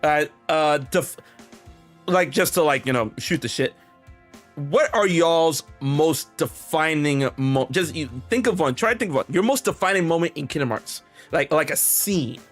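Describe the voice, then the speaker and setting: Animated rambling man telling a story. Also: a little high, unhurried, faint music behind. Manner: animated, rambling with many restarts and quoted dialogue. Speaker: podcast host. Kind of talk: casual storytelling chat.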